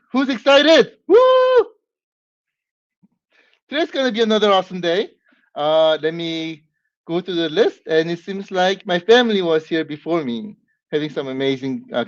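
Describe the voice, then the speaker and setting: A man hosting a live stream, whooping and greeting viewers by name with lots of excitement. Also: a little high, no echo. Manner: hyped, whooping, warm greetings to chat. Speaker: livestream host. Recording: dull lo-fi stream audio.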